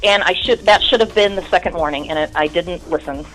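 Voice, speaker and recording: A woman's voice: fairly low pitch, a little fast, fairly bright tone, faint music behind, poor audio. A woman in her thirties, a musician guest in an interview, telling a long story in a candid, rambling, profane way.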